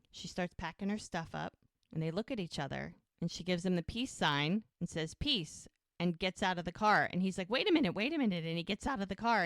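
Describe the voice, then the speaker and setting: A woman's voice: lowish voice, smooth, no room sound, clean studio sound. A woman co-hosting a podcast, casually retelling a TV episode and acting out the characters' lines. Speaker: podcast co-host.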